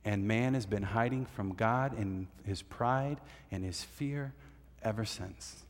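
A man's voice: on the low side, slow pace. Man preaching in a reverberant hall. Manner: emphatic teaching, has listeners write points down. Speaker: pastor. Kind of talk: sermon.

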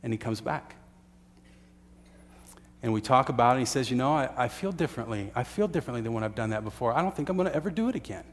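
A man's voice: mid-range voice, lively intonation, fast talker, big-room sound. A man preaching a sermon, telling a story earnestly with uhs and restarts. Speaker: pastor.

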